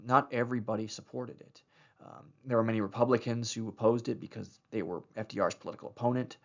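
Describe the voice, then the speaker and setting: A man's voice: lowish voice, creaky, dull audio. A man giving a recorded history lecture over slides, talking loosely with many fillers and restarts.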